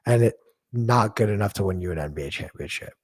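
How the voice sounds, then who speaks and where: A man with a low voice hosts a casual sports chat. He talks bluntly and swears, ranting and laughing at his own jokes. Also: animated, quick pace, slightly rough. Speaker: podcast co-host.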